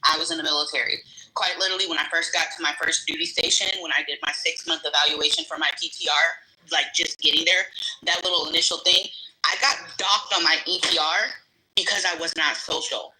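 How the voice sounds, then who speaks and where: A young adult woman, a guest on a livestream panel, bluntly and frankly tells a personal story with casual swearing. Her voice is deep, steady and sharp-toned, a little fast, and the audio is poor.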